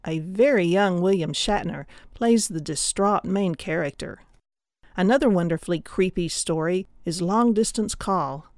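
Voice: mid-range voice, a little slow, dry recording. Casting: presenter for an audiobook promo, plain mid voice, dry studio sound. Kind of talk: promotional overview.

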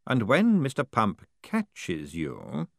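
A man's voice: lowish voice, huge pitch swings, vocal fry, dry recording, studio quality, exaggerated voice. A man doing a coolly menacing ruler. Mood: dry. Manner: measured, unhurried. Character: cool, dry male ruler, politely menacing.

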